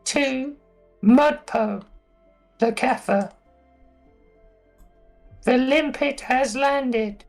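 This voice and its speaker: A game master voicing a creepy messenger who reads out a cryptic delivery note in a slow, high, drawn-out way. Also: creaky, faint music behind, full character voice.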